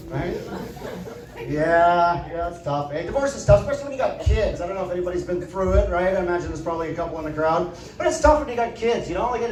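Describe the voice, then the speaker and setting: A man performing a stand-up comedy set in a club, telling deadpan stories and tagging lines with "right?". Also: sits high, recorded from a distance. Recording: echoey club audio from afar.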